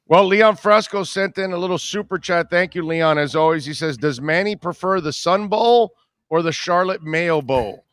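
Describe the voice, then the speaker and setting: A middle-aged man hosting a radio show, telling a long story in casual chat, rambling and animated with many restarts. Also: high-pitched, moderate pace, smooth, no echo.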